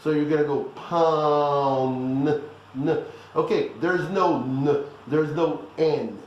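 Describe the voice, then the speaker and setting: A man's voice: on the high side, unhurried, heavy reverb, lo-fi sound, slight background noise. A man giving a blunt, teasing pronunciation lesson that keeps checking in with the listeners. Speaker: language teacher.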